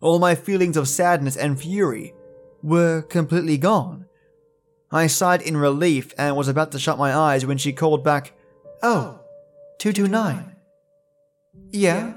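Podcast storyteller: man with a slightly high voice, steady and deliberate, soft music underneath. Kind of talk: storytelling narration.

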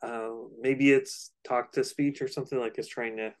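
A man's voice: mid-range voice, fairly even intonation, moderate pace. A man co-hosting a podcast in casual chat, rambling a little with fillers. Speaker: podcast co-host.

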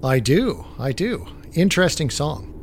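A man from Canada, a music director, co-hosting a casual, relaxed chat about music history. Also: on the high side, a little slow, slight background noise.

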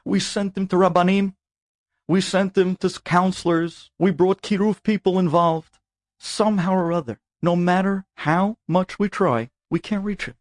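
A man's voice: high voice, fairly even intonation, moderate pace, no echo, voice pushed up, natural voice. A man acting out a distraught older father who pleads for help with his son over the phone, his voice breaking as he begs. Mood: pleading.

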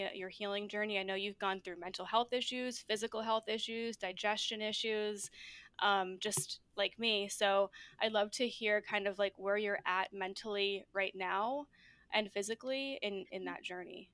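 A woman's voice: mid-range voice, fairly even intonation, normal speed, fairly bright tone, smooth, no room sound. A woman hosting a podcast interview, chatting casually and encouragingly with plenty of fillers. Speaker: podcast host.

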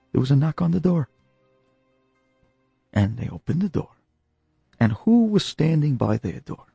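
A man telling a dramatic story in an animated, exclamatory way, sprinkling in Hebrew and Yiddish phrases. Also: fairly high pitch, creaky, breathy edge, no room sound, clean studio sound.

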